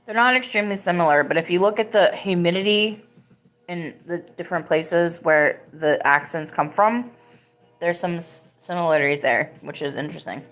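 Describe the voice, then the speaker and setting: A woman's voice: on the low side, normal speed, fairly bright tone, soft background music. A woman hosting a live podcast, chatting casually and rambling with lots of "like"s. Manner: rambling, filler-heavy talk with many "like"s. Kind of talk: casual live-stream chat.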